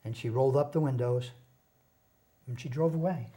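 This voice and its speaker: A man, a guest on a TV interview show, telling a personal story in an earnest, halting way, often repeating words. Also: mid-range voice, mellow. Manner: earnest, passionate about recovery.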